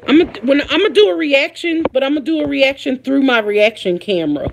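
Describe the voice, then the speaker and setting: A woman's voice: sits high, expressive, fast, vocal fry, slight background noise. A woman hosting a casual live stream, chatting with her viewers and reading their comments aloud, laughing often. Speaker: livestream host.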